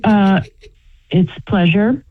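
A woman's voice: mid-range voice, slow pace. Puzzled woman on a tinny phone line. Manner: polite, puzzled, insistent. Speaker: prank call target.

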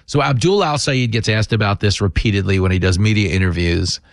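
A man's voice: on the low side, fairly quick, dry recording. A man hosting a show, delivering opinionated political commentary with sarcastic, mocking asides.

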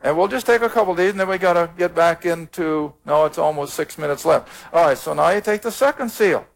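A man's voice: a little high, a little fast, creaky. A man teaching the Bible on a taped program, reading scripture aloud and explaining it in a plain, earnest way.

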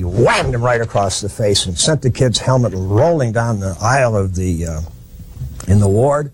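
A man's voice: fairly low pitch, expressive, normal speed, a little hiss or hum. A man giving a history lecture, telling it as a plain-spoken, folksy story with frequent restarts.

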